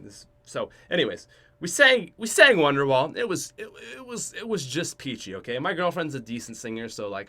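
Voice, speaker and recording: A young man hosts a casual podcast and rambles through a story with a lot of self-mockery. His voice is bright and edgy, his pitch climbs and drops all over the place, and he keeps restarting sentences and trailing off. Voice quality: chatty, joking, self-mocking. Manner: restarts and trails off often, swings loud and soft. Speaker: podcast host.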